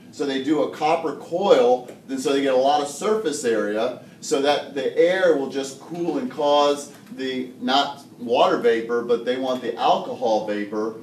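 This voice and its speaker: A man's voice: medium pitch, slight background noise. Male chemistry teacher, jokey lecturer, captured from far off in a roomy classroom. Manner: joking, animated explainer who laughs often. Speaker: high school chemistry teacher.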